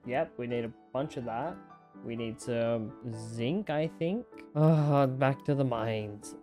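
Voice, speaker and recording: A man's voice: mid-range voice, takes it slowly, faint music behind. Chatty young man narrating his gameplay. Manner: chatty, talks to himself, jumpy excited outbursts. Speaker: gaming content creator. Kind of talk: live let's-play commentary.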